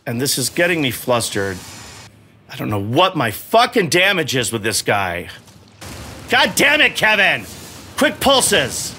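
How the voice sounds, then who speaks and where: A man's voice: high-pitched, big pitch swings, slow, pushed and bright, slight background noise. Exasperated cursing man narrating his gameplay. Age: middle-aged. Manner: swears often, rambles in broken restarts, exasperated. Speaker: gamer playing while his son coaches. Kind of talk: frustrated live gameplay commentary.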